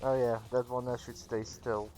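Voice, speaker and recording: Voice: medium pitch, little pitch movement, moderate pace, mellow, soft background music. A streamer from Belgium, a native Dutch speaker with a Flemish accent, chatting casually and rambling as they answer their viewers. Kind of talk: casual livestream chat with viewers.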